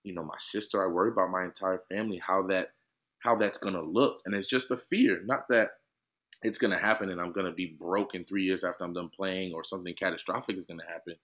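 A man in his thirties, a professional football player, co-hosting a casual chat in an emphatic, animated, slangy way. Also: deep voice, fast talker.

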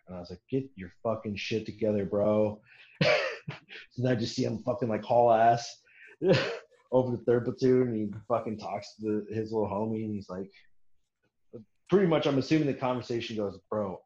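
A man's voice: fairly low pitch, normal speed, dark tone, muffled recording. Profane, laughing male storyteller, roomy sound. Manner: profane, laughing, acts out quoted voices. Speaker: military veteran storyteller. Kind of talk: casual storytelling.

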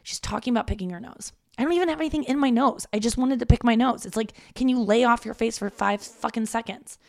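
A woman comedian rambles through a solo podcast with a gravelly, fried edge to her voice. She mocks herself and swears freely, and the sound is dry, with almost no room echo. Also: fairly high pitch, quick pace, darkish tone. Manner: rambling, self-mocking and profane. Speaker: stand-up comic and podcast host. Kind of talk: casual solo podcast monologue. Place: room in her parents' home.

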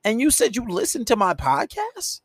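A man with a high voice delivers a solo podcast rant. He scolds his listeners with heavy profanity and hammers every point home, and his voice sounds dry and close, with no room sound around it. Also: huge pitch swings, normal speed, slightly rough, no echo. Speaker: podcast host and dating coach.

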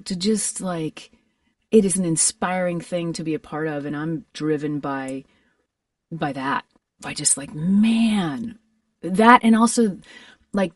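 Low-voiced woman, earnest and animated. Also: dry recording, distant mic. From Alabama. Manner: earnest, animated, quick bursts of enthusiasm. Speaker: voice actor guest. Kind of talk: reflective interview chat. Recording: voice a bit away from the mic, dry.

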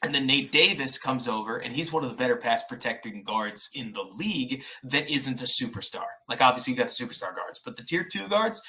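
A man guest on a podcast, talking through football film in fast, animated casual chat. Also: medium pitch.

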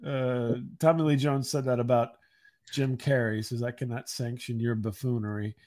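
A man's voice: medium pitch, fairly even intonation, a little mellow. Co-host guy, medium voice, keeps stalling with uh and you know, kinda wry. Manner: halting, many fillers, wry. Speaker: podcast co-host. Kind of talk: casual chat.

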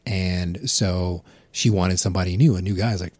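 A man's voice: low voice, steady tone, moderate pace, a little mellow, no room sound. A middle-aged man, a podcast guest, telling a rambling, profane story in casual chat. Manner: rambling, profane, laughs at his own story.

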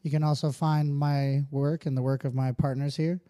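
A man's voice: on the high side, level tone, moderate pace, warm tone, no echo. Profane, laid-back podcast co-host man. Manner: profane, joking, speaks in a motivational tone when wrapping up. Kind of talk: casual podcast chat.

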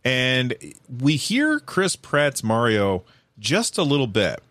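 A man's voice: mid-range voice, takes it slowly, no room sound. Rambling man in dry casual commentary. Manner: animated, rambling with many fillers and restarts.

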